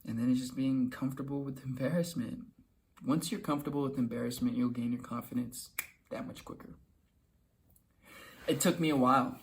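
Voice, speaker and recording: A man's voice: mid-range voice, steady tone. A young man giving casual motivational advice to camera, talking loosely and acting out little quoted exchanges. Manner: conversational, repeats himself, acts out quick quoted lines. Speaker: self-help video host.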